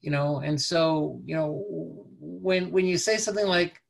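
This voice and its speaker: Man giving a halting slide lecture. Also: a little high, fairly even intonation, gravelly. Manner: conversational, halting, peppered with "you know". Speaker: parenting presenter.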